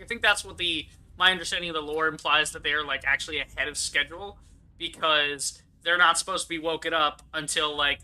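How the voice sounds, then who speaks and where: Bright-voiced young-sounding man rambling. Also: fairly high pitch. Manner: rambling, giggly, swears freely. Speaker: gaming streamer. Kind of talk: casual gameplay commentary.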